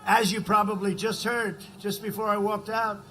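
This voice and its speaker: A man in his seventies giving a rambling campaign rally speech from a podium mic, full of conversational asides and sudden shouted lines. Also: high voice, level tone, normal speed, slight background noise, low-quality recording. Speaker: political rally speaker. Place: political rally.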